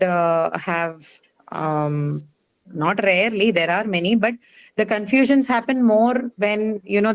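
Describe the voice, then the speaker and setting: Patient teacher explaining. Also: female voice, medium pitch, low-quality recording. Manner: patient, explanatory, frequent "okay" and "uh" fillers, asks questions. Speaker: English teacher. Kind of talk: live class lecture on word stress.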